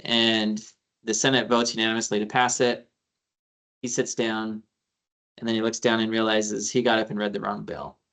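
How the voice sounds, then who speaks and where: A man's voice: lowish voice, a bit bright. A man, an attorney, giving a casual training talk, telling anecdotes with quoted dialogue and frequent fillers. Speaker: attorney leading a civic training.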